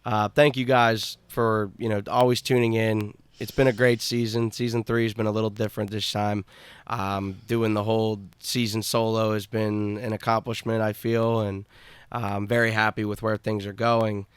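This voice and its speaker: Young guy hosting his podcast, lowish smooth voice, dry close sound, lots of ums. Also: little pitch movement, no echo. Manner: laid-back, halting, many fillers. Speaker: podcast host. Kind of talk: casual podcast chat.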